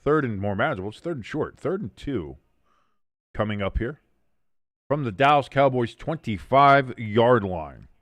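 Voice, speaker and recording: A man hosting a live watch-along stream, calling plays casually, reading out chat and cracking jokes with loud excited bursts and swearing. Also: medium pitch, normal speed, no echo. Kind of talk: casual play-by-play commentary.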